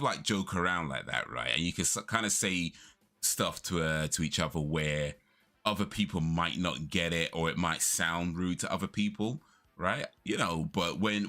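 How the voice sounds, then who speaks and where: A man's voice: deep voice, expressive, normal speed, sharp tone. A young man chatting casually on a live stream, rambling through stories and laughing often.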